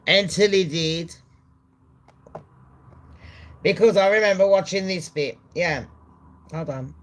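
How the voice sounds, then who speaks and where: A woman hosting a casual commentary vlog, talking bluntly and profanely in a chatty way, with loud excited bursts. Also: mid-range voice, slow pace. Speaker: channel host.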